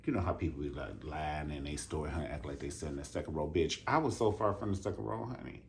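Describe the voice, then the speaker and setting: A man telling a story in a casual, profane rant, flamboyant and sassy, with drawn-out emphatic asides. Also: very deep voice, vocal fry. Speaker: vlogger reviewing a dance concert.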